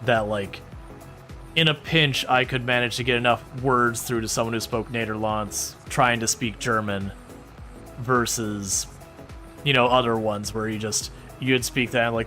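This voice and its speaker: A man's voice: medium pitch, steady tone, measured pace, bright, forceful tone, faint music behind. A man streaming a farming game, chatting casually and rambling as he answers viewer questions. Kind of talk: casual livestream chat while playing a farming game.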